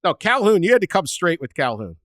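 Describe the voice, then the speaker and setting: A man hosting a sports podcast, telling stories in a lively, chatty way and laughing often. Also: high-pitched, a little fast, dry recording. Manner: animated storyteller, laughs often, acts out quotes. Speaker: podcast host. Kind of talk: casual sports chat.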